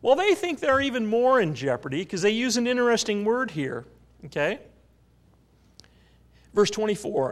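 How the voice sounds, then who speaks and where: Lively, animated male preacher. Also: high voice, a little slow, long pauses. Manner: animated storytelling preacher, asks the congregation questions. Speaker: pastor. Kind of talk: sermon.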